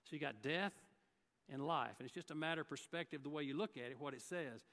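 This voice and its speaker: A man's voice: fairly high pitch, fast, a bit bright, long reverb tail. A man preaching a sermon, telling folksy stories and acting out the people he quotes. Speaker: guest preacher. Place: church sanctuary.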